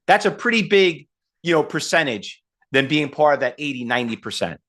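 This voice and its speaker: A man in his fifties teaching trading in a live online seminar, blunt and full of rhetorical questions, pitching to his audience. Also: sing-song, brisk, a bit bright. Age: 50s. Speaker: trading instructor.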